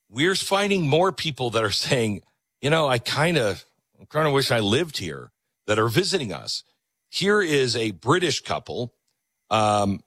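A man's voice: mid-range voice, a bit bright, no echo. A man hosting a show, giving emphatic commentary on clips he plays. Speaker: host.

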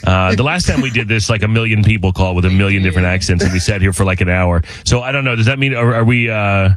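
A man's voice: lowish voice, quick pace, crowd noise. A man hosting a morning radio show, bantering with co-hosts and callers and laughing often. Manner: lively, joking, laughs often.

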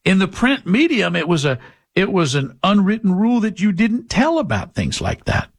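A man's voice: wildly swooping pitch, normal speed, creaky. A man hosting a political talk show, delivering a blunt, lecturing monologue to his listeners. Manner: blunt, lecturing, mocks people in high put-on voices.

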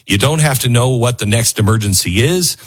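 Husky, animated male talk radio host. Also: mid-range voice, a little fast. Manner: rambling, animated, jumps between voices and asides. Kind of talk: talk radio monologue with host-read ads.

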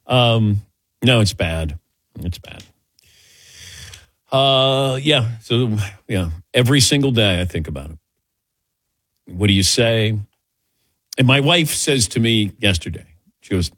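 A middle-aged man who rambles and jokes at his own expense while taking audience questions. His pitch swings a lot and his voice is a little husky. The sound is dry and close. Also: measured pace, pauses often, dry recording. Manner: rambling, self-mocking, animated storytelling. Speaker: guest answering audience questions. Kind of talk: casual Q&A.

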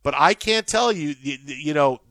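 A man's voice: a little high, animated, normal speed, fairly bright tone, no room sound. Chatty man hosting sports talk. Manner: rambling, jokey, repeats words. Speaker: sports show host.

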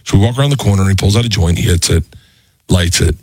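A man's voice: sits low, rapid-fire, darkish tone, husky, dry recording. A male comedian animatedly telling a story on a podcast, jumping into voices mid-story, on a close mic. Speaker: comedian guest.

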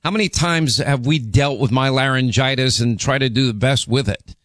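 A man in his sixties hosting a talk radio show, hoarse with laryngitis, talking in a rambling, emphatic way with restarts. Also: mid-range voice, moderate pace, fairly bright tone, dry recording. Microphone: studio microphone.

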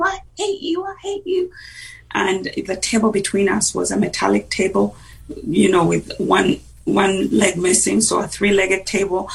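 Woman guest on a radio show, heavy vocal fry, sounds a bit far off the mic, earnest storytelling. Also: lowish voice. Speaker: interview guest. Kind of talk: personal testimony on a radio interview. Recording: voice distant from the mic.

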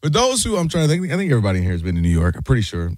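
A man co-hosting a casual sports talk show, animated and quick to act out what people said. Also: medium pitch, dry recording. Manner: animated, acts out quotes in put-on voices.

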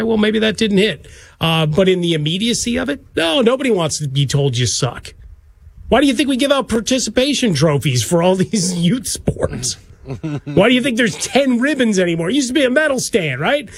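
A man's voice: on the high side, slightly rough, no room sound. A man co-hosting sports talk radio, rambling through his point with rhetorical questions.

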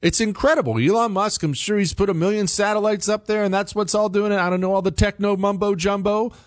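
A man's voice: high voice, quick pace, dry recording, clean studio sound. A man hosting an opinionated political monologue, talking emphatically and repeating himself as he builds his points. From United States. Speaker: political commentary host.

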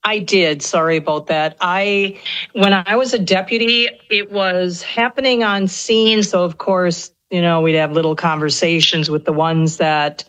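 A woman's voice: on the low side, fairly even intonation, unhurried, a bit bright, low-quality recording. A middle-aged woman telling rambling stories on a radio show, with many restarts. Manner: chatty, rambling storyteller with frequent restarts and laughs. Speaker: guest. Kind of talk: casual radio conversation.

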